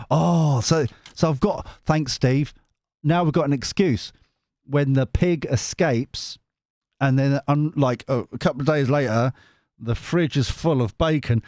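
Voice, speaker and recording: A man's voice: mid-range voice, slow, pauses often, darkish tone, dry recording, clean studio sound. A man hosting a casual tarot live stream, chatty and giggly with lots of restarts.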